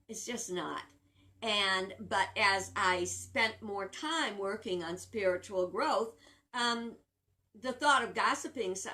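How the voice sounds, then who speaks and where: An older woman giving a casual spiritual talk, earnest and musing, pausing with fillers and restarting her sentences. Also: mid-range voice, sharp tone. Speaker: spiritual teacher.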